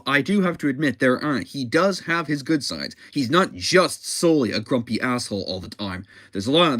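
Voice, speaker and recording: A man casually reviewing a comic book, talking in a halting way with frequent restarts and self-corrections. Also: medium pitch, fairly bright tone, dry recording.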